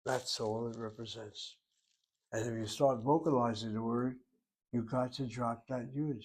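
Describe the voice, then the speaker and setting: Explaining Hebrew grammar one rule at a time, a man repeats key terms in a methodical, step-by-step way. His voice is medium-pitched and darkish, with fairly even intonation and a measured pace.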